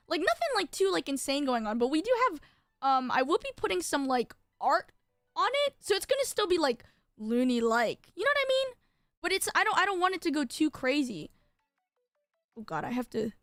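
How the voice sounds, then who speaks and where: A woman's voice: high voice, a bit bright, dry recording, clean studio sound. A young adult woman streaming as a VTuber, chatting casually and bubbly with lots of filler words while she designs. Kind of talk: casual live-stream chat.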